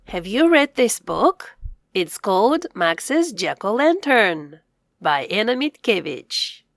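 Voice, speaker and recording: A woman leads a children's reading lesson at a very slow pace. Her pitch rises and falls in a lively, sing-song way, and she echoes each new word in a soft whisper. The recording is dry and close. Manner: slow, clear, encouraging delivery for young learners. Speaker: reading teacher.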